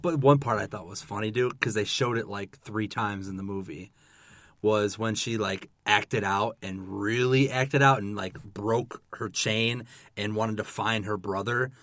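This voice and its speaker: A man's voice: lowish voice, measured pace. A man co-hosting a movie review podcast, retelling scenes animatedly and acting out lines from them. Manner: animated storyteller, acts out scenes in voices. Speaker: podcast co-host. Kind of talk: casual movie review chat.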